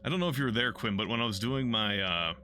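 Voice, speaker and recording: A man's voice: medium pitch, lively intonation, quick pace, sharp tone, a little hiss or hum. A man chatting casually while streaming a game, rambling and cursing, answering chat and poking fun at himself. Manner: rambling, profane, self-deprecating, reads and answers chat.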